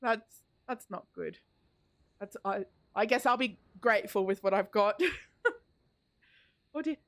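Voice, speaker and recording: A woman's voice: mid-range voice, measured pace, fairly bright tone. A woman streamer chatting casually while playing a game, rambling and giggling. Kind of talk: casual chat while gaming.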